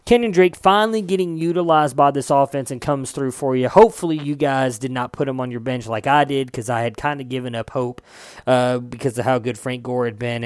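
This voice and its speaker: A man's voice: mid-range voice, brisk, smooth, no echo, studio quality. A young man hosting a casual fantasy football show, loose and chatty, swearing now and then and correcting himself as he reads stats. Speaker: fantasy football podcast host. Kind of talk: casual sports chat.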